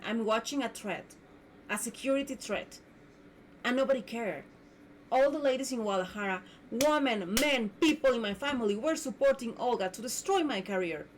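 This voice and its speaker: A woman's voice: a little high, slight background noise. A woman hosting her own podcast, delivering an indignant, repetitive rant as a solo monologue. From Mexico. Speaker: podcast host.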